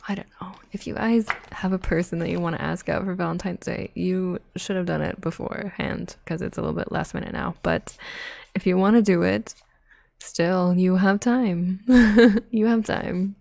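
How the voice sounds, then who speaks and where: A young woman streaming tarot readings in a soft-spoken ASMR voice, slipping into whispers and giggling with chat, close on the mic. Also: lowish voice, fairly even intonation, normal speed, creaky, no echo.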